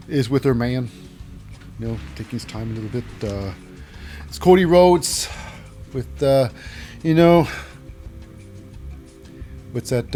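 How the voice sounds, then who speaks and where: A man's voice: mid-range voice, a little mellow. A man hosting a casual wrestling recap, rambling along with many fillers and restarts. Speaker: host.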